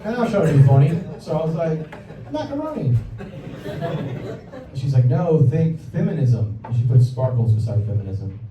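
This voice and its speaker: A man's voice: mid-range voice, brisk, far from the mic, noisy background. A young man doing a stand-up comedy set on a club stage, awkward and self-deprecating, with a slight Southern American accent. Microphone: handheld stage mic. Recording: roomy club recording from the audience, dull sound. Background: audience laughter.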